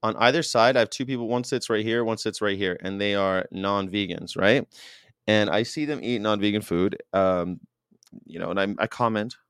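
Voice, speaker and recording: A man with a lowish voice hosts his own show in a loose monologue. He is animated and emphatic and often restarts his phrases. The recording is dry and close, with no room sound. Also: normal speed, smooth, dry recording. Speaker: show host. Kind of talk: casual monologue commentary.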